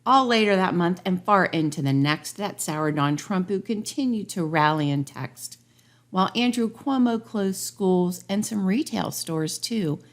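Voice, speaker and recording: A woman's voice: lowish voice, expressive, unhurried. A woman reading a rhyming storybook parody aloud in a sing-song way. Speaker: narrator.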